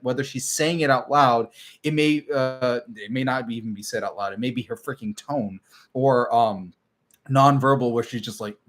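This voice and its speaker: A man talks casually on his own live stream, coaching viewers on relationships. His delivery is emphatic and animated, and now and then it sinks into a soft, gentle murmur. His voice sits at an ordinary middle pitch. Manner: animated and emphatic, drops to a soft tender tone when acting out a partner.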